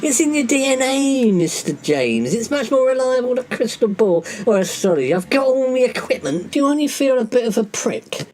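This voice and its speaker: A performer playing a camp, fussy male genealogist in a comedy pastiche, full of drawn-out innuendo. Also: mid-range voice, very animated, darkish tone, slight background noise, lightly acted.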